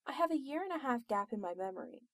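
A woman reading aloud, voicing a brash, loud young woman who talks with blunt sarcasm. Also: high voice, very animated, quick pace, no echo, exaggerated voice. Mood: earnest.

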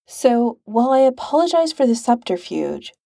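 A woman reading a composed, sincere male agent who speaks in a measured, formal way. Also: on the high side, very animated, creaky, mellow, no room sound, studio quality.

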